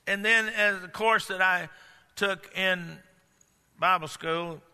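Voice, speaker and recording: An older man preaching a sermon, swinging between loud outbursts and low hushed lines. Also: steady tone, takes it slowly, clean tone. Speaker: pastor. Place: large church hall. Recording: long hall reverb.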